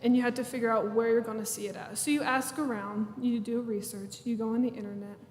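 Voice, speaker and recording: A woman's voice: a little high, fairly even intonation, fast, a little hiss or hum. A young woman in her twenties, a class president giving a chatty, self-deprecating graduation speech in a church. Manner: chatty, self-deprecating, laughs through nervous moments. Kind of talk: prepared ceremony speech. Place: large church sanctuary. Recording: echoey hall, room mic.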